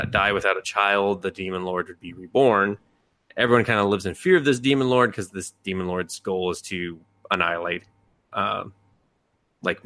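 Give me a man podcast host with a bright, somewhat low voice, rambling casually on a dry mic. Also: no echo. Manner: rambling, filler-heavy and profane. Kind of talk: casual chat.

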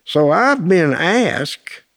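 A man's voice: high-pitched, very animated, drawn-out words, fairly bright tone. A man telling plainspoken, colloquial anecdotes with lots of quoted dialogue, in a folksy storytelling talk.

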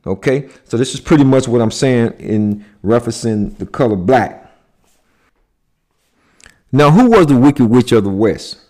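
An American man with a mid-pitched, darkish voice gives a lecture on symbolism at an unhurried, measured pace. His intonation is lively, and he speaks deliberately, often pausing to make sure listeners are following.

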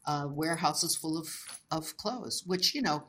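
A middle-aged American woman telling stories as an interview guest, animated and laughing often as she acts out the voices of people she met. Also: low voice, measured pace. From United States. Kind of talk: casual storytelling.

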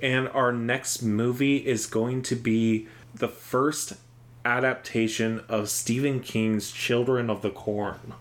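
A man co-hosting a horror movie podcast, chatting casually. He speaks at a calm, measured pace in a mid-range voice and guides the show through its segments. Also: mid-range voice. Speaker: podcast co-host. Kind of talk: casual chat.

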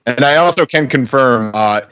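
A man's voice: medium pitch, normal speed, a bit bright, clear, resonant tone, no room sound. A man on a casual podcast chat who talks hesitantly, with many filler sounds.

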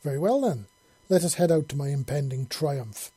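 A man's voice: on the high side, animated, moderate pace, warm tone, slightly rough, dry recording. A man voicing a proud, fierce female alien huntress who speaks in a haughty, formal way, in a storybook reading.

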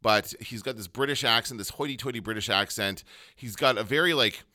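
A man's voice: mid-range voice, moderate pace, pushed and bright. A man co-hosting a podcast, chatting casually about shows he likes, with lots of fillers. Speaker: podcast co-host. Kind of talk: casual chat.

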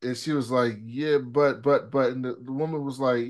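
Guy cohost recapping a show, mid-pitched voice, chill, cussing, quotes the characters. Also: fairly even intonation, normal speed, few pauses. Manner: laid-back, profane, retells scenes with quoted dialogue. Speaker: podcast co-host. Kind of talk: casual chat recapping a TV episode.

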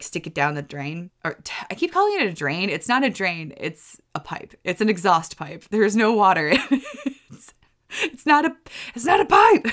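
A woman's voice: fairly low pitch, a bit bright. A young woman hosting a podcast, telling a story in a rambling, exasperated way and correcting herself often. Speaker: podcast host. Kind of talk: casual storytelling.

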